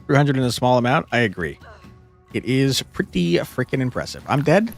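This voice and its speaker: A young man streams a card game, chatting with viewers between moves in a medium-pitched, sing-song, creaky voice at normal speed. He swears a lot, venting and laughing through frustrated outbursts at tough fights, with faint music behind him in this live gameplay commentary.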